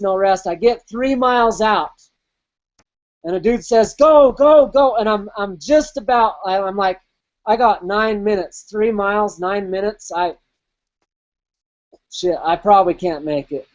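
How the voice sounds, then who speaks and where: A man's voice: sits high, measured pace, highs cut off. Man telling a story with salty language. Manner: vivid, profane, replays his own inner voice. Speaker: podcast host. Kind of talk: casual storytelling.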